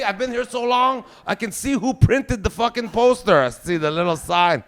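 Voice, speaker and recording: A man in his forties with a Québécois French accent does a profane, ranting stand-up set, swearing heavily. His voice is high and fairly bright, delivered at a moderate pace with few pauses.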